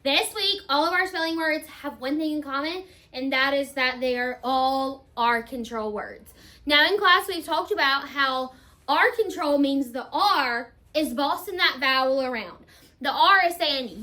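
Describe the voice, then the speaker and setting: A woman with a high, bright voice leads a spelling lesson as a teacher. She talks slowly and with emphasis, breaking words into their sounds one at a time. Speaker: elementary school teacher.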